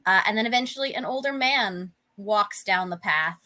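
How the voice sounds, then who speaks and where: Bright-voiced woman game master, rambling. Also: mid-range voice, moderate pace. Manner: rambling, many fillers and restarts. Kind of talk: describing a scene in a tabletop game.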